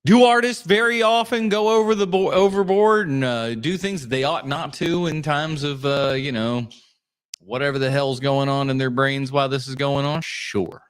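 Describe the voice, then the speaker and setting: A man's voice: fairly high pitch, steady tone, moderate pace, clean tone. A man hosting a podcast, riffing sarcastically and swearing as he reacts live to video clips. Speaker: podcast host.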